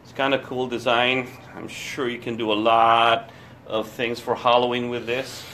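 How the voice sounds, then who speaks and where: A man's voice: medium pitch, flat delivery, moderate pace, pushed and bright, slight background noise. Enthusiastic man showing off blades. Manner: enthusiastic, explains blades in detail. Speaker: host. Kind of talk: casual chat. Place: Florida.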